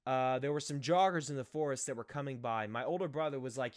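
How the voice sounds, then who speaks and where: A young man tells a childhood story straight to the camera, casual and lively. His voice sits a bit higher than most men's, and he laughs at himself as he acts out what the others said. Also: quick pace, few pauses. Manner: animated, self-mocking, acts out quoted voices. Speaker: vlogger.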